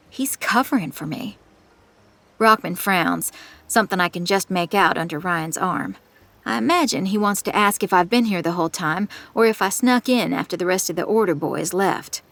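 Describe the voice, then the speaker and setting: A woman's voice: lowish voice, moderate pace, fairly bright tone. A woman narrating in the first person with tense, suspenseful delivery, on a close studio mic. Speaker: audiobook narrator.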